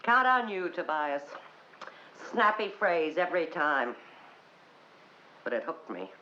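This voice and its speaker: Sarcastic boozy woman, slow low voice, big swings, muffled old film sound. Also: sing-song, bright, forceful tone, heavily acted. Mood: mocking. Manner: sardonic, theatrical, sweeping pitch swings. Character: wry, bitter woman, a heavy drinker. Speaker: actress in a filmed stage play. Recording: dull old film soundtrack with faint hiss.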